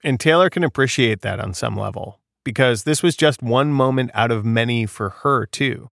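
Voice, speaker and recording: Gravelly-voiced man narrating, dry sound. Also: mid-range voice, fairly bright tone, dry recording. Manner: measured, pointed commentary. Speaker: podcast co-host. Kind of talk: scripted narration.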